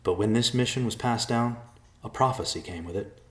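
A man plays a nervous grown man in a storybook reading, pleading earnestly and stumbling over his words. The voice is pitched above the reader's deep own, with a roomy echo. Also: a little fast, lightly acted. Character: nervous adult man, apologetic schemer.

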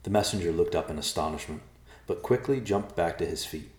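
Deep-voiced male storybook narrator. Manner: steady, measured reading. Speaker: audiobook narrator. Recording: roomy echo.

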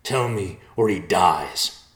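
A man voicing a menacing messenger who threatens slowly and coldly. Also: a bass voice, steady tone, roomy sound. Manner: threatening, slow, clipped. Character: menacing male messenger, cold killer.

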